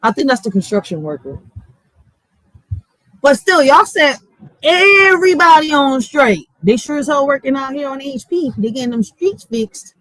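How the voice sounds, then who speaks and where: This is a woman with a Philadelphia accent sounding off in a casual vlog, blunt and full of profanity. Her voice sits high, and the sound is dry and close with no room around it. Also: big pitch swings, moderate pace, no room sound, poor audio. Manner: blunt, profane, fired-up street talk. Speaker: block captain and vlogger.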